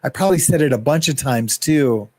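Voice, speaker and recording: A man's voice: medium pitch, animated, moderate pace, dry recording. A man hosting a casual livestream, rambling and greeting chat viewers by name. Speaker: livestream host.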